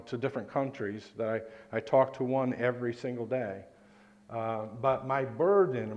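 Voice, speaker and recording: A man's voice: mid-range voice, a little mellow, highs cut off. A man preaching a sermon in a church, talking conversationally and asking the congregation questions.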